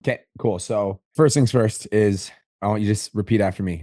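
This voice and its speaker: A low-voiced Canadian man coaching at a rapid clip, blunt and peppered with swearing. His Canadian English accent is easy to hear, and his voice is close and dry, with almost no room sound. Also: dry recording. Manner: blunt, profane, fast and animated. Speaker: business coach and host. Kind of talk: casual coaching call.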